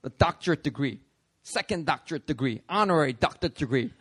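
A man preaching a sermon, animated and conversational, acting out voices in his stories. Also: a little high, fast, breathy edge. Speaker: pastor.

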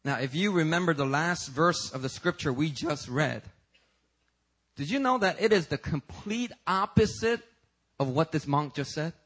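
A man's voice: on the high side, normal speed, a bit bright. A man preaching a sermon as pastor at a church service, pressing his point with emphatic, rising rhetorical questions.

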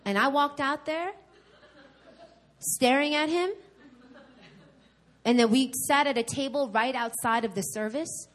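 A woman from New York preaching a sermon at a church service, telling her own story in a candid, animated way with emphatic repetition. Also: high-pitched, measured pace, long pauses. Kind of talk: sermon with personal testimony.

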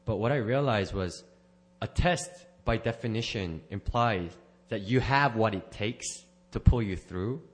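A man's voice: lowish voice, unhurried, few pauses. A man sharing a personal testimony at church, rambling and correcting himself, with small laughs. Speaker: church member giving a testimony.

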